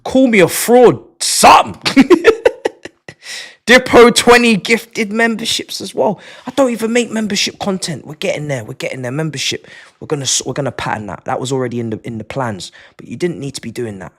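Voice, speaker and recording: A man's voice: fairly high pitch, expressive, brisk, a bit bright. A man hosting a live stream, chatting casually in slang, often laughing and sighing. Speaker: livestream host. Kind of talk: casual livestream chat. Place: his home.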